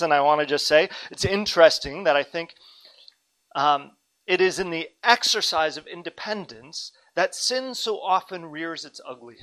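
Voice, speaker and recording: A man's voice: a little high, pushed and bright, rough recording. A man in his thirties preaching a sermon as a pastor, earnest and dynamic, with friendly asides to his congregation.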